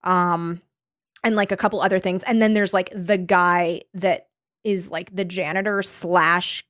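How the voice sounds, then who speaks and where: A woman's voice: fairly low pitch, steady tone, a little slow, fairly bright tone, no room sound, studio quality. A woman co-hosting a podcast in casual chat, rambling with lots of fillers and frequent giggles. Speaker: podcast co-host.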